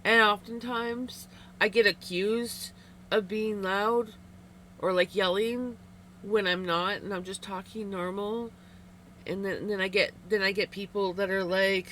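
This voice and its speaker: A woman's voice: mid-range voice, fairly even intonation, measured pace, fairly bright tone, slight background noise. A woman livestreamer chatting casually with viewers while knitting, candid and rambling, laughing often.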